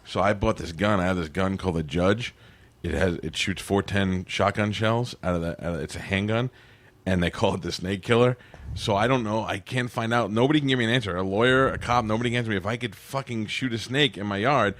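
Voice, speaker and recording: A man's voice: fairly low pitch, fairly quick, a bit bright. A man from Florida, a podcast guest, chatting casually in a rambling, self-deprecating way with blunt cursing.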